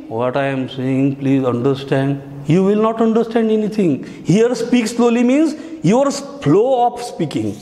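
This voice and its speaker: A man's voice: sits high, darkish tone. A male teacher giving a lesson on speech writing, explaining each step and repeating key phrases. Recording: echoey hall.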